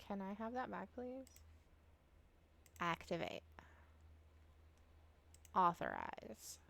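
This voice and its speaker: A woman's voice: mid-range voice, huge pitch swings, slow, creaky, fairly bright tone. A woman live streaming from home, chatting casually and swearing freely as she talks straight to her viewers while setting up a game.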